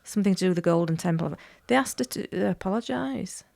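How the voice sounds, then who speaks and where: A woman with a lowish, gravelly voice chats on a podcast. She is recorded close and dry, and she tells anecdotes in a chatty, easygoing way. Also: lively intonation, fast talker, a little mellow, no room sound. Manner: chatty, anecdotal, laughs easily. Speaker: podcast co-host. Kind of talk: casual podcast discussion.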